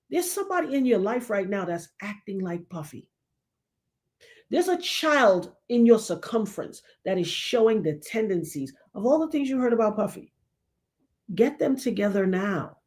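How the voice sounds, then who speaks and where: A woman's voice: mid-range voice, normal speed. A middle-aged woman hosting her own show, talking with preacher-like emphasis and acting out quotes. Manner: animated preacherly, acts out quotes. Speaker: show host. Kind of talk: casual commentary monologue.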